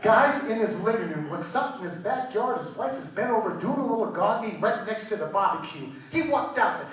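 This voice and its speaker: Bright, high-pitched stand-up comic man. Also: lively intonation. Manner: rapid-fire one-liners, acts out each character. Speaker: stand-up comedian. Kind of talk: live stand-up joke telling. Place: live show stage, Las Vegas. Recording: echoey hall from far off.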